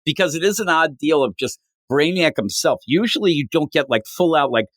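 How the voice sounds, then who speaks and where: A man's voice: a little high, expressive, fairly quick, dry recording. A man co-hosting a casual comic book podcast, recapping a story with animation, acting out the characters' lines and swearing casually. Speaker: podcast co-host.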